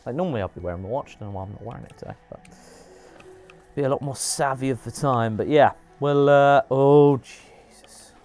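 A man hosting a live game stream, chatting and reacting with animated, laugh-prone commentary. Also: mid-range voice, moderate pace, faint music behind. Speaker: streamer host.

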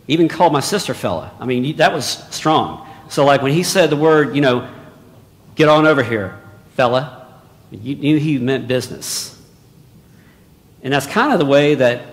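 Man preaching in a reverberant hall. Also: medium pitch. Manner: swings between hushed asides and loud exclamations. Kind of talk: sermon.

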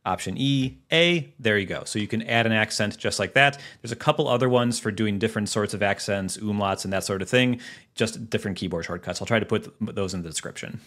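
A man with a somewhat low voice hosts a relaxed computer tutorial. He talks his way through each shortcut as he demonstrates it on screen, casual and chatty, with plenty of fillers. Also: a little fast. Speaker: tech tutorial host.

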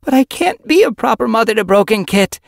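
A man doing a grieving female medicine cat in a storybook reading, her voice pitched well above his own and slightly husky. She snarls and pleads, raw with anguish, in a dry close recording. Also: lively intonation, normal speed, no echo. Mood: distraught. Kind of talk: audiobook character voice.

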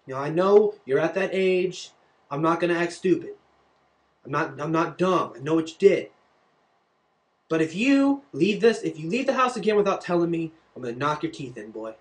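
Guy doing a gruff stern dad giving his kid a threatening talk, kinda high voice. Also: sing-song, moderate pace. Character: stern father lecturing his teenage son.

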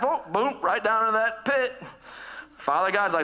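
A man's voice: very high-pitched, lively intonation, unhurried, creaky, pauses often, bright, forceful tone. A man in his thirties preaching a sermon, telling a personal story in a self-deprecating way and laughing often. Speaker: pastor. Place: church hall. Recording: long church reverb.

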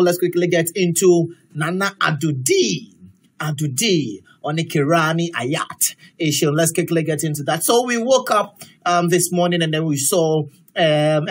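A Ghanaian man with a Ghanaian accent hosting a casual chat, reading out social media comments, mixing English and Twi with lively reactions. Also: a little high, husky. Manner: mixes English and Twi, laughs and reacts loudly.

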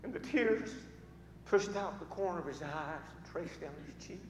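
A male pastor telling a story in a sermon, dramatic and swinging between hushed and loud, recorded in a church sanctuary. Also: high-pitched, normal speed. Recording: echoey church hall with faint noise.

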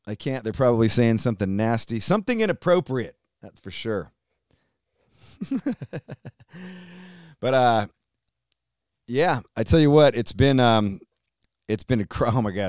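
A man hosting a podcast, opening with a loud, hyped, swearing intro and then casual chat. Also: mid-range voice, smooth, no room sound. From California. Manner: hyped, loud, profane, animated delivery. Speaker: podcast host. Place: home studio, streaming live.

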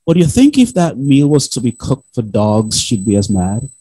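A man's voice: medium pitch, big pitch swings, moderate pace, dark tone, slightly rough, dry recording, rough recording. A man in his thirties preaching a sermon as pastor, telling stories and acting out quoted voices. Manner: storytelling, acts out quoted family voices.

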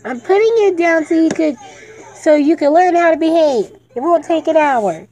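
A woman's voice: extremely high pitch, animated, normal speed, mellow. A woman playing a caretaker in a home role-play skit, firmly scolding and giving orders. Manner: scolding, firm.

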